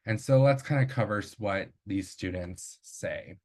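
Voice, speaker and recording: Man, lowish voice, academic presenter; measured delivery with fillers and self-corrections. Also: a little mellow.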